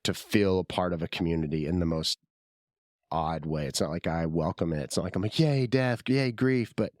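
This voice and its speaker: Male podcast host, very low voice with a sore throat, rambling and self-deprecating, dry close mic. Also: steady tone, fairly quick, darkish tone, no room sound. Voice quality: husky from illness. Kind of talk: casual solo podcast monologue.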